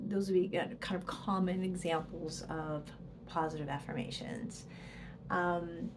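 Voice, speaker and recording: A woman's voice: on the low side, a little mellow, a little hiss or hum. A woman presenter giving a casual educational talk to camera, explaining with examples and dropping to a whisper for the inner voice. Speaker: psychologist and presenter.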